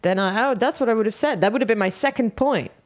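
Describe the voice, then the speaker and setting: A woman's voice: fairly high pitch, fast. A Dutch woman in her thirties, a comedian co-hosting a casual comedy podcast, telling stories with lots of laughter. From Netherlands. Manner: animated storytelling, laughs often.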